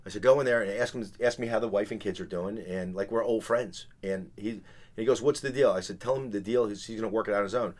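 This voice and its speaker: A man's voice: fairly low pitch, fast. A man, telling a long business story on a podcast and acting out the people in it. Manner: animated, acts out quoted people. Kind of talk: casual storytelling.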